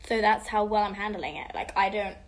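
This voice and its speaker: A woman's voice: medium pitch, brisk. A teenage girl casually answering fan questions on a livestream, chatty and bubbly, slipping between English and Spanish and often dropping to a whisper. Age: teens.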